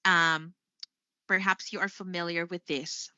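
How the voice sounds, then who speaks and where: Bright, chatty Filipino woman teacher. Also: fairly low pitch, little pitch movement, unhurried, smooth, muffled recording. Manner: chatty, upbeat, says "there you go" often. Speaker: English teacher. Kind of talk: live online English lesson.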